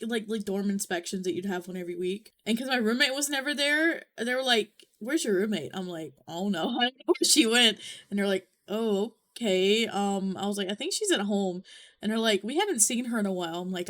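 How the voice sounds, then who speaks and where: A woman's voice: fairly high pitch, fairly bright tone. A young woman chatting casually and swearing as she reacts, filling her talk with "like". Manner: chatty, swears a lot, heavy use of "like". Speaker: VTuber reaction streamer.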